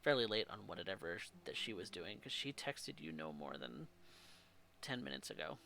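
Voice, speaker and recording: A man's voice: sits low, very animated, normal speed, vocal fry, pushed and bright, a little hiss or hum. A man narrating as game master, setting scenes in the second person.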